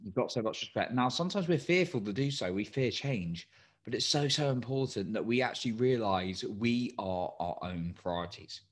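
Tired low-voiced male life coach. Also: expressive, moderate pace. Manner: encouraging, asks many direct questions. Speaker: coach and podcast host. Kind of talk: motivational solo talk.

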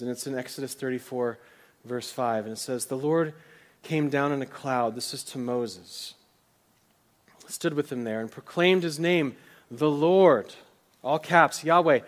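A middle-aged pastor preaching a sermon earnestly, dropping to a hushed voice for quoted lines and repeating words as he searches for them. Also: medium pitch, unhurried.

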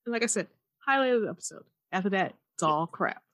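A woman's voice: mid-range voice, no echo, clean studio sound. A woman co-hosting a casual podcast, recapping a TV episode and acting out the characters' lines. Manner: animated, acts out characters' lines in quick impressions. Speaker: podcast co-host.

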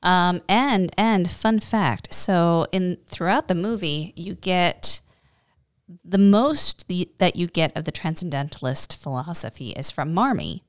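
A chatty woman with a low voice co-hosts a podcast. She talks with enthusiasm and wanders into tangents. The sound is close and dry. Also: expressive, unhurried, no room sound. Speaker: podcast co-host. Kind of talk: casual chat.

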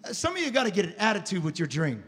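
A male pastor preaching a fervent sermon to a congregation, dropping to a hush and then rising to shouts. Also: sits high, wildly swooping pitch, racing, husky, long reverb tail. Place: church sanctuary before a congregation.

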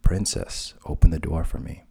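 A man's voice: sits low, steady tone, moderate pace, vocal fry, warm tone, breathy edge, exaggerated voice. A man voicing a pushy male talking frog who insists on his demands. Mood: pleading.

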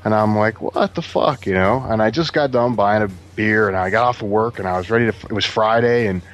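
A man casually telling a story to friends, animated and profane, acting out what others said. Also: lowish voice, quick pace. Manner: animated, profane, acts out quotes. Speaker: podcast guest telling a story.

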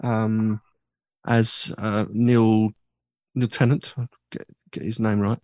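A man's voice: on the low side, little pitch movement, slow pace, darkish tone, no room sound, studio quality. A man hosting a radio music show, chatting casually and rambling through anecdotes with lots of fillers. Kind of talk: casual chat.

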